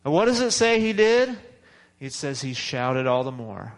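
A man's voice: medium pitch, very animated, normal speed, low-quality recording. A man preaching a sermon in a conversational, repetitive way, with frequent restarts and chuckles. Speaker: pastor.

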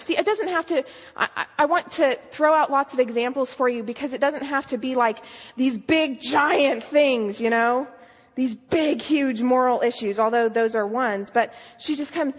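A woman's voice: sits high, moderate pace, few pauses. A woman giving an earnest sermon, telling a story and asking emphatic questions. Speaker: speaker. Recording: long hall reverb.

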